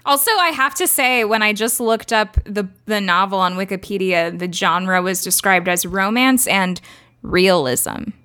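A woman's voice: medium pitch, a little slow, sharp tone, clear, resonant tone. A woman hosting a podcast, asking playful, teasing questions in casual chat. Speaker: podcast host.

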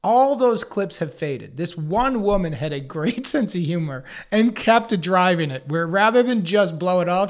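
Animated storytelling man. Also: sits high, unhurried, hardly any pauses. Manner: animated, acts out others' lines in quotes. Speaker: podcast co-host and guest. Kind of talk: casual storytelling chat.

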